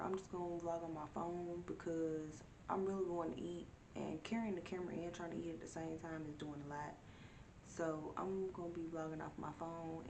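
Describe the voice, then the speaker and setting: A young woman in her twenties casually vlogging, chatty and venting about her day, sometimes cursing at traffic. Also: fairly low pitch. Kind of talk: casual vlog chat. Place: in a car, then at home.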